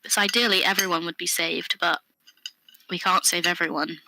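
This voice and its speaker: A woman's voice: lowish voice, fairly even intonation, moderate pace, noisy background, natural voice. A woman voicing a blunt, pragmatic adventurer who speaks in a matter-of-fact, slightly sardonic way.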